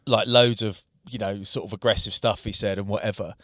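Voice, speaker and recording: A man in casual podcast banter, telling an animated story about a friend. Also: fairly low pitch, a little fast, no room sound, clean studio sound. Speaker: podcast co-host. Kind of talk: casual chat.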